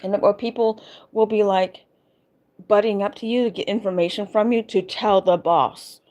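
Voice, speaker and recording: A woman's voice: mid-range voice, fairly even intonation, moderate pace, darkish tone, dull audio. Exasperated woman venting on a vlog. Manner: emphatic, exasperated ranting with repetitions. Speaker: vlogger.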